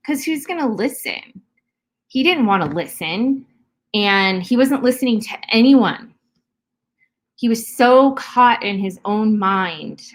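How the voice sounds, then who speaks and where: Woman podcast co-host, candid casual chat, blunt and fiery, average pitch. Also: a bit bright. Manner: blunt, heated, swears freely.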